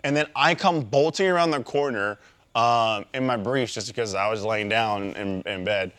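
A man co-hosting a casual group chat podcast, telling animated stories and swooping into high squeaky voices when quoting people. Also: moderate pace. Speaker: podcast co-host.

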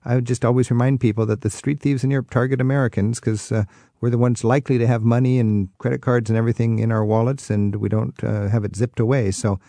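A man's voice: medium pitch, little pitch movement, fast, mellow, dry recording. A man hosting a call-in travel radio show, giving friendly, informative advice and chuckling along with callers.

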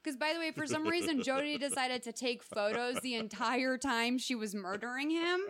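A woman's voice: high-pitched, moderate pace, a bit bright. A young adult woman hosting a podcast, recapping a movie in casual, sarcastic chat full of "like". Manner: chatty, sarcastic, says "like" a lot. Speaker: podcast host.

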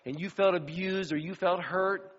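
A middle-aged man preaching a sermon as pastor, animated storyteller who acts out the voices of the people in his stories. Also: high-pitched, normal speed. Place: church sanctuary. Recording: dull sound with long hall reverb.

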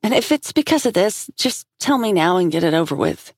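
A woman's voice: on the low side, sing-song, a little fast, dry recording, clean studio sound, pitched above the performer's own voice. A woman voicing a frustrated young woman who speaks bluntly and heatedly. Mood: exasperated. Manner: heated, rising voice.

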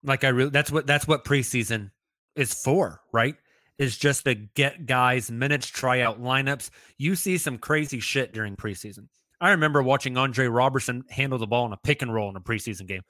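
Guy cohosting a sports podcast, chatty and lively, dry close sound. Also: medium pitch, dry recording. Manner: chatty, animated, quick asides. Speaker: podcast co-host. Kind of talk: casual sports chat.

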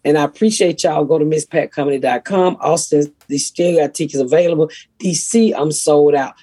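A raspy middle-aged woman, a comedian hosting a podcast and telling blunt, profane stories. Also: low voice, fairly quick, warm tone, no room sound. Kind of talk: casual podcast chat.

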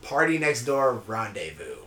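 A young man co-hosting a casual podcast, slangy and laid-back, with animated stories. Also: mid-range voice, unhurried, echoey room, crowd noise. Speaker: podcast co-host. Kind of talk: casual chat.

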